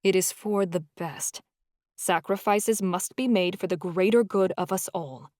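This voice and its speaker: A woman narrating an audiobook voices a stern, secretive female counselor who speaks in a fierce, measured way. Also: mid-range voice, animated, no echo, studio quality, lightly acted. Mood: regretful. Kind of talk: audiobook character voice.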